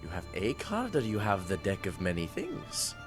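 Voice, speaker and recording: A man's voice: low-pitched, huge pitch swings, moderate pace, faint music behind. A man playing a tabletop game, trading dry jokes with the table. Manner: joking, dry asides. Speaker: player. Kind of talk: casual tabletop banter.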